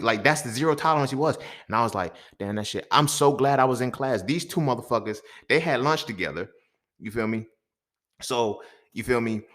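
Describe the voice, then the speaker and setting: A man hosting a podcast, telling a story in an animated, profane way that swings between loud outbursts and muttered asides. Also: mid-range voice. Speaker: podcast host. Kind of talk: storytelling monologue.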